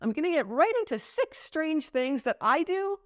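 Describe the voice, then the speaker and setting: A woman's voice: high voice, big pitch swings, normal speed, dry recording, studio quality. An American woman in her thirties, chatting lightly and explaining things in a casual vlog to camera. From United States. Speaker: vlogger. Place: home in France.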